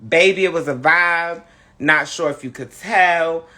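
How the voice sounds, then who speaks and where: A camp, sassy host drawling through a casual live-stream chat, tired and low on energy. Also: male voice, a little slow, pushed and bright.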